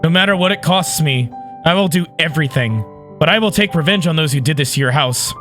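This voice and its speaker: A man voicing a calm, gentle alien woman companion from a visual novel, speaking softly and apologetically. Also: fairly high pitch, fairly quick, soft background music. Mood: earnest.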